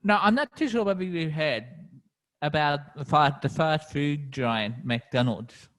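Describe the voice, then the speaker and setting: A man with an Australian accent, co-hosting a podcast in easygoing, halting casual chat. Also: a little high, a bit bright. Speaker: podcast co-host.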